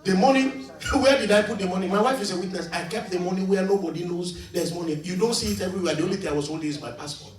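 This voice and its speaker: Man, preacher, high voice, echoey hall, distant mic. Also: fast, hardly any pauses. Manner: preaching, swings from quiet storytelling to shouted calls. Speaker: pastor. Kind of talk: sermon with storytelling. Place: church hall, in front of a congregation. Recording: echoey church hall from far off.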